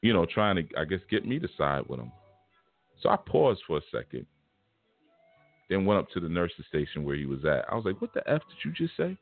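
A man's voice: sits low, very animated, fairly quick, long pauses, dry recording. A man giving a casual spiritual lesson, telling a personal story in blunt, streetwise slang. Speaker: spiritual teacher. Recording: tinny phone-like sound with faint music.

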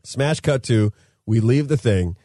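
A man's voice: medium pitch, lively intonation, measured pace, mellow, no echo, studio quality. A man co-hosting a podcast, telling a story in casual chat, laughing mid-sentence and acting out what people said. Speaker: podcast co-host.

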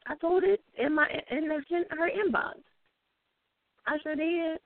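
A woman with a Southern US accent, chatting as a guest on a talk show and telling stories in an animated, drawling way. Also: very high voice, unhurried, dry recording. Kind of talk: casual chat. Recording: dry, phone-like sound.

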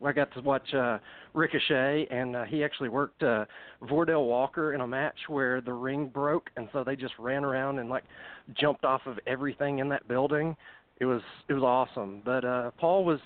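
A man's voice: medium pitch, fairly even intonation, normal speed, dry recording. A man from Middle Tennessee, telling wrestling stories as a podcast guest, slightly out of breath, chatty with many fillers. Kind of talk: casual storytelling on a call. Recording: dry, phone-like call audio.

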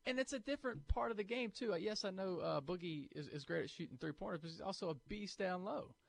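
A man's voice: sits high, quick pace, gravelly. A man co-hosting a sports talk radio show, arguing his case and acting out listener objections. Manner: animated, argumentative, acts out imagined listener objections.

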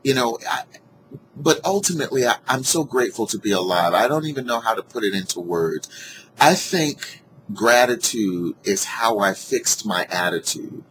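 A man casually telling a personal story to his viewers, earnest and heartfelt, animated when he retells what people said. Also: mid-range voice, normal speed, a little hiss or hum, low-quality recording. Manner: animated, acts out quoted dialogue in a raised voice; earnest and heartfelt about gratitude. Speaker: vlogger sharing a personal story.

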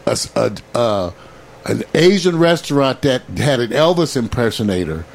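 A man in his fifties hosting a casual talk show, telling loud stories with frequent laughs and slow, emphatic punchlines. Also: medium pitch, big pitch swings, vocal fry. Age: 50s. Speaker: host.

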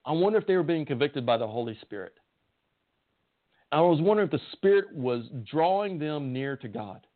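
Southern male preacher, folksy teaching tone, slightly high voice, phone-quality sound. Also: animated, a little fast. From Southern United States. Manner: folksy, asks listeners questions. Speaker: Bible teacher. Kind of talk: conversational sermon. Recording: tinny phone-like audio.

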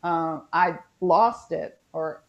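A woman's voice: sits low, drawn-out words, dull audio. A woman from West Virginia with a Southern Appalachian accent, chatting casually and rambling with lots of fillers on a video call podcast. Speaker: podcast co-host. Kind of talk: casual chat.

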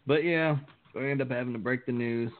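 A young man co-hosts a casual podcast, swearing freely and breaking into laughter as he tells his story. His voice sits at an ordinary middle pitch. The sound is thin and tinny, like a phone line. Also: a little fast. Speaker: podcast co-host. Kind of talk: casual chat.

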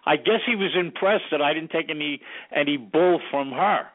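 In a tinny, phone-like radio recording, a man who used to be a studio sound engineer relaxes into interview anecdotes. His voice is on the high side and his pace moderate, and he animatedly acts out what people said.

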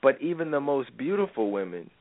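A man's voice: medium pitch, sing-song, brisk, dry recording, phone-quality sound. Preachy male radio host on a thin line. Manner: preachy, rambling, lots of fillers. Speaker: radio talk show host. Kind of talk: opinionated monologue to listeners.

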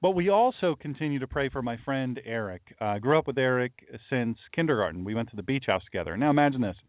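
Rambling middle-aged pastor, tinny audio. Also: male voice, medium pitch, expressive, quick pace, dry recording. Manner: rambling, folksy, chatty asides. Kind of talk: casual livestream talk with chat. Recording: dry, phone-like lo-fi audio.

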